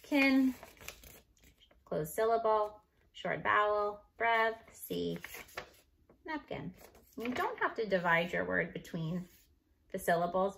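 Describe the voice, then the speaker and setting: Gravelly-voiced teacher spelling out syllables. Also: female voice, lowish voice, a bit bright. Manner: slow, clear spelling out of syllables and letters. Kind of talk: recorded phonics review lesson. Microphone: computer microphone.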